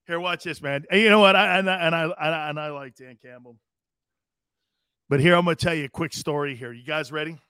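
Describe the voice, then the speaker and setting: A middle-aged man from Connecticut hosting a sports radio show, loud and rambling, laughing and doing voices for his stories. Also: on the high side, fairly quick, clean tone, dry recording, clean studio sound. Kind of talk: animated sports talk.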